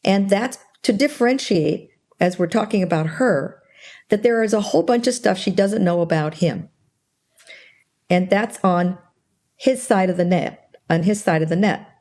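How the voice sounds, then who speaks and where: With a medium pitch and moderate pace, an older woman appears as a guest expert on interpersonal skills in an interview, explaining a communication model. Her stories come alive as she animatedly acts out the dialogue in them.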